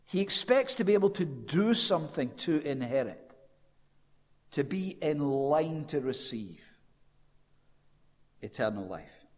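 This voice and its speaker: A man preaching a sermon, telling the story with animation and dropping low and quiet when quoting. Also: very animated, measured pace, pauses often, long reverb tail.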